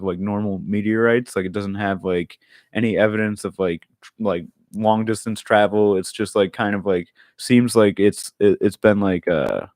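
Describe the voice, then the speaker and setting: A man's voice: fairly low pitch, no echo. A man co-hosting a podcast, chatting casually and stumbling over words as he reads out a news item. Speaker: podcast co-host. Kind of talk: casual chat.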